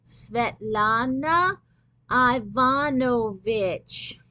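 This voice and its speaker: A bright, sing-song young substitute teacher, put on by a woman reading a storybook aloud. She speaks slowly and carefully, lifting her voice high and a little louder as if talking to small children. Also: animated, highs cut off, full character voice. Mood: coaxing. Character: young cheerful female substitute teacher, gentle.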